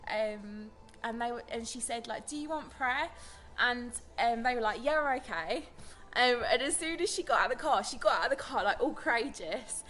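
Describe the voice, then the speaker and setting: A woman's voice: a little high, brisk, hardly any pauses, fairly bright tone. A young British woman chatting casually to camera as a vlogger, telling stories in a rambling way. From Britain. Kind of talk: casual vlog chat.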